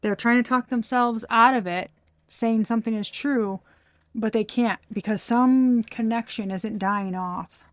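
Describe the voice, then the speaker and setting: A woman's voice: a little high, unhurried, no room sound, clean studio sound. A woman giving a casual tarot reading, blunt and profane, breaking into laughter. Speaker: tarot reader.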